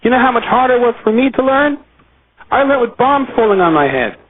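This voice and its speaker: A man's voice: sing-song, fairly quick, a little hiss or hum. A man voicing an exasperated father lecturing his child, heard over a tinny phone line. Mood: indignant. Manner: indignant, high and pushy.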